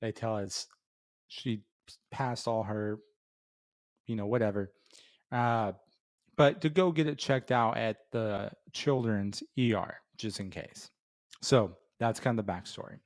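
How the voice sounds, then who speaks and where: A man's voice: on the low side, measured pace, long pauses. A middle-aged man hosting a beer review show, telling a casual story full of fillers and restarts before giving his rating. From Florida. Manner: rambling with many fillers and restarts.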